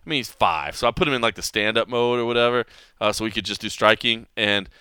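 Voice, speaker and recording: Fast-talking man in his forties, bright. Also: fairly low pitch, clean tone, dry recording, clean studio sound. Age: 40s. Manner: rambling, animated storytelling with many restarts. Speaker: podcast host. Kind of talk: casual chat.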